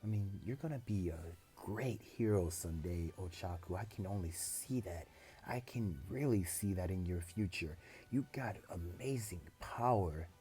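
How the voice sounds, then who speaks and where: A man's voice: low voice, moderate pace, dark tone, lightly acted. A man voicing a friendly teenage boy hero who talks in an earnest, encouraging way.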